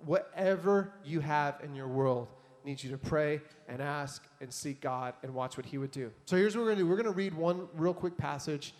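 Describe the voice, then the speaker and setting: A man preaching a sermon in a conversational, animated way, reading scripture and adding casual asides to his audience. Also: on the high side, normal speed, hardly any pauses. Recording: long hall reverb.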